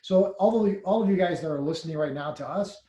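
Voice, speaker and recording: Animated man telling stories in an echoey room. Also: sits high, fast. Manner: animated storyteller, laughs and gets loud when excited. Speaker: senior network marketing leader. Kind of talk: conversational interview.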